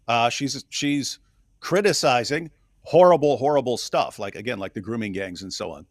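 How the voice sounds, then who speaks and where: A man co-hosting a casual political discussion, animated and quick to laugh, often restarting his sentences. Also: on the high side, no room sound, studio quality. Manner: animated, laughs while talking, frequent restarts. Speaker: co-host.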